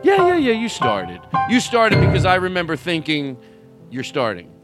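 Loud jokey host guy, high lively voice, band playing right behind him. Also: moderate pace. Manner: loud, joking, riffing. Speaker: podcast host. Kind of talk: loose comedic banter. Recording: live music in room. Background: live band music.

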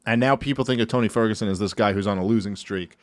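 A man's voice: fairly low pitch, fast talker, no room sound. Emphatic profane male host, dry sound. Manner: emphatic and profane, laughs often. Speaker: podcast host. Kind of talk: casual podcast chat.

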